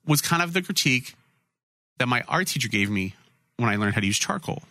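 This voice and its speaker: Male podcast host, casual chat, bright forceful tone, rambling and profane, dry close mic. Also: medium pitch, lively intonation, fast, no room sound.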